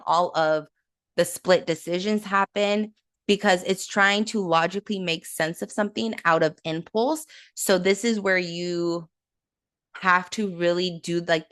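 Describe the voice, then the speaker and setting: Low-voiced woman coaching on self-love. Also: a bit bright. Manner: conversational, frequent "like" and "right?". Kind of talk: casual teaching talk.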